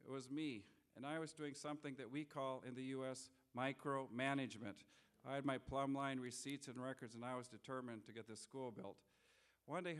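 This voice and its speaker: A middle-aged man delivers a public lecture with an earnest, unhurried manner, often restarting his sentences. His mid-range voice sounds smooth and clear. He mixes storytelling with appeals to his listeners. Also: medium pitch, fairly bright tone. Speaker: guest speaker. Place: lecture hall.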